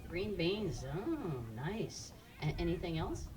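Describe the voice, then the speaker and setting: A woman's voice: lowish voice, very animated, slow pace, distant mic, a crowd in the background. A woman presenting live animals to children at an outdoor park show, quizzing the audience in an upbeat way.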